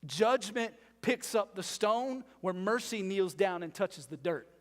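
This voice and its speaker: Man, pastor, sermon, high voice, emphatic, rhetorical questions, long hall reverb. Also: a little slow. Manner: emphatic, rhetorical questions, shifts from loud to hushed.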